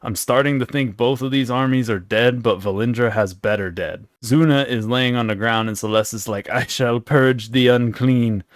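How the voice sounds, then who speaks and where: A man's voice: mid-range voice, moderate pace, few pauses, no echo, clean studio sound. A young man making a comedic recap, sarcastic and profane, who keeps drifting into rambling asides. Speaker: video creator.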